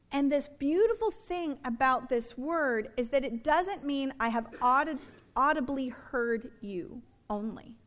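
A woman preaching a sermon in a conversational, animated way, with playful asides to her listeners. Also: high-pitched, a little slow.

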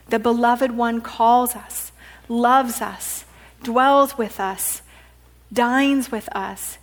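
A woman pastor preaching a sermon, often dropping to a hushed whisper. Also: a little high, fairly even intonation, takes it slowly.

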